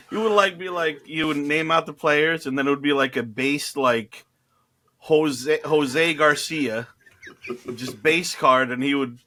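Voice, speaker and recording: Bright-voiced man telling a story with laughs. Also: on the high side, takes it slowly, pauses often. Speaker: podcast co-host. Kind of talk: casual chat.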